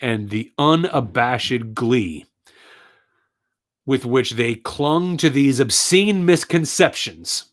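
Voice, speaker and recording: A man's voice: mid-range voice, lively intonation, slow. A man giving an earnest personal monologue, telling his story with indignant, emphatic repetition.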